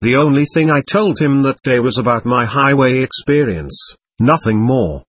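A man in his twenties telling his own story in earnest, measured first-person narration. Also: mid-range voice, animated, husky, no room sound. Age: 20s.

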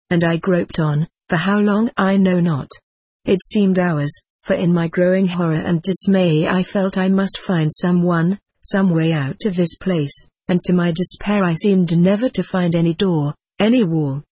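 A woman reading a first-person story aloud as an audiobook narrator, in a measured and solemn dramatic manner. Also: fairly low pitch, a little mellow, breathy edge, no room sound.

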